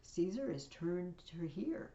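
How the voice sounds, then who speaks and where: A woman reading aloud as a commanding male Roman ruler, proclaiming his lines loudly. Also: fairly low pitch, very animated, slow, reverberant, dull audio. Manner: loud, proclaiming, theatrical.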